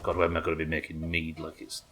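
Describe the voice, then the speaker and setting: A man's voice: rumbling low, monotone, quick pace, noisy background. A British man giving casual, chatty, sweary commentary while he plays and builds in a game. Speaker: game streamer. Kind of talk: casual let's-play commentary.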